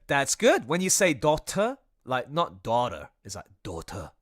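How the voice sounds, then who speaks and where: Excitable male streamer, bright tense voice, laughs a lot, breaks off mid-thought. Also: medium pitch, normal speed. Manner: excitable, laughs often, trails off mid-sentence. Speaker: streamer and artist. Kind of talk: casual livestream chat.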